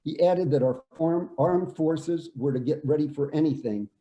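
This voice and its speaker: Older man, veteran storyteller, very dark mellow tone, measured delivery, echoey room. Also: fairly high pitch, muffled recording. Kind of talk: reading a prepared personal story.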